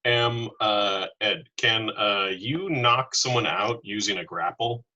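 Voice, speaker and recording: A man with a low but bright voice plays a tabletop game. He speaks very slowly and asks hesitant rules questions. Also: muffled recording. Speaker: player. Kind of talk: casual tabletop play.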